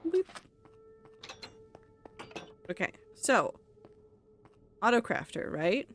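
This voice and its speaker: Woman streamer, casual chatty gaming talk, mid pitch, lots of likes. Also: sing-song, drawn-out words, faint music behind. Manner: rambling, chatty, many filler likes. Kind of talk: casual live-stream chat while gaming.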